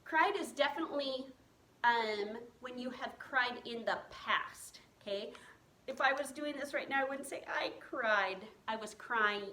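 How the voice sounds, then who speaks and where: Teaching first graders to read remotely, this woman spells out words one letter at a time with patience and encouragement. She speaks a little slowly in a highish, bright, forceful voice.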